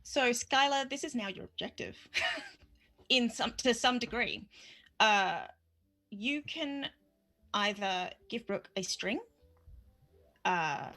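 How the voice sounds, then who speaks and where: A woman running a tabletop role-playing game as game master, playful and quick to laugh. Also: a little high, lively intonation, bright, forceful tone.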